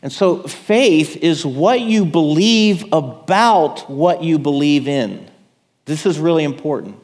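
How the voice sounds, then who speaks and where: A man's voice: a little high, big-room sound. A man preaching a sermon in a conversational way, checking in with his listeners. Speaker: pastor.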